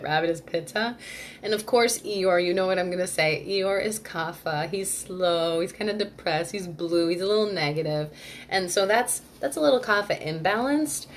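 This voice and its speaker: Running an Ayurveda workshop on a livestream, this woman responds to viewer comments in a meandering, casual style, full of restarts and the word "like." She speaks on the low side, and a little hiss or hum can be heard.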